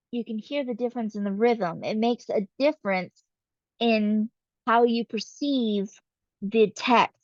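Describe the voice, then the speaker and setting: A woman giving a casual, explanatory literature lecture, often pausing with fillers. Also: on the high side, a little mellow, no room sound, lo-fi sound.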